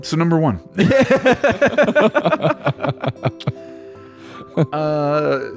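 A male podcast host with an ordinary mid-range voice chats in a relaxed, easygoing way. He chuckles often and leans on fillers, and faint music sits in the background. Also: medium pitch. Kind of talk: casual podcast chat.

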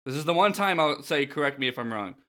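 A man hosting a casual podcast, playful and quick to laugh. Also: on the high side, lively intonation, sharp tone. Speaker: podcast host.

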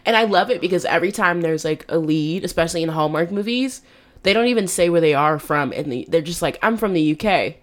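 A young adult woman from the United States, a podcast guest chatting casually, full of "like" fillers and quick laughs. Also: fairly low pitch. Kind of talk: casual chat.

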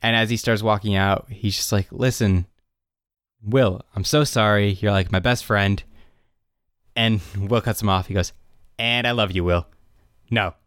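A man's voice: on the low side, a little slow, long pauses, no room sound, clean studio sound. A young man co-hosting a podcast, casually retelling a TV episode and jumping into the characters' lines. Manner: animated retelling, quotes characters in raised voices. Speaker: podcast co-host recapping a show. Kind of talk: casual chat.

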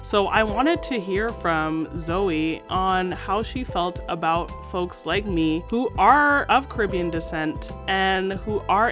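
A woman from Canada hosting a podcast, narrating in a measured, explanatory way and putting questions to her guests. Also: fairly low pitch. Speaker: podcast host. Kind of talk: scripted narration and interviewing.

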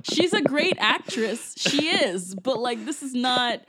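A woman from Jamaica with a fairly high voice, co-hosting a casual movie-review chat. She talks loosely and chattily, full of "like" and quick asides. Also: big pitch swings, a bit bright, slightly rough. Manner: chatty, lots of "like" and laughter.

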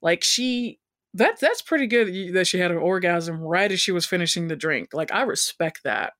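A woman's voice: lowish voice, animated, moderate pace, a bit bright, no echo, clean studio sound. A woman co-hosting a casual comedic review, reading excerpts aloud and giggling between quips. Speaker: podcast co-host. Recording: home recording with thumping from upstairs.

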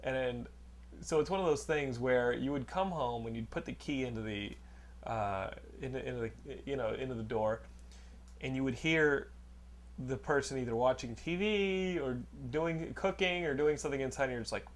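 A man's voice: mid-range voice, normal speed, a little hiss or hum. A young man hosting a casual podcast chat, telling rambling stories and teasing his guest with lots of laughter. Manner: rambling, teasing storyteller who laughs a lot. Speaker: podcast host.

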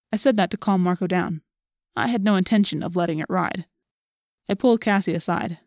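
A woman's voice: on the low side, a little fast, darkish tone, no room sound, studio quality. A woman reading a first-person story aloud as narrator, lifting her voice for the dialogue. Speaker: audiobook narrator.

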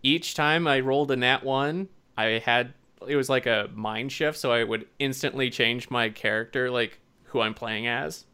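An animated man co-hosting a relaxed podcast chat, joking and telling long stories. His voice is bright and forward, with a smooth, clear ring. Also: mid-range voice, moderate pace, few pauses. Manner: animated, joking, rambling storyteller. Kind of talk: casual chat.

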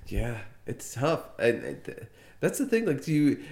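A man who runs a shop, chatting in a relaxed, rambling and sympathetic way. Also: medium pitch, normal speed, crowd noise. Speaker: shop owner. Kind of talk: casual conversation. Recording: echoey room.

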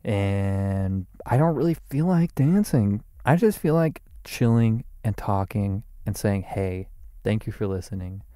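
A man's voice: mid-range voice, mellow, no room sound, studio quality. A man hosting his own show, talking nonstop in a loose, self-amused stream of consciousness and swearing freely. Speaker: podcast host. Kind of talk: improvised rambling monologue.

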